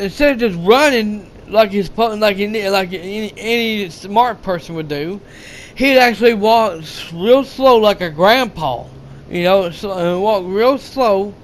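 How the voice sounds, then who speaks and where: High-pitched guy rambling thru a movie plot, lots of um and uh, swears a bunch, does the lines himself. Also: slight background noise. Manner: rambling, halting, many fillers and restarts, profane, acts out quotes. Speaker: movie reviewer. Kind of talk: rambling casual movie recap.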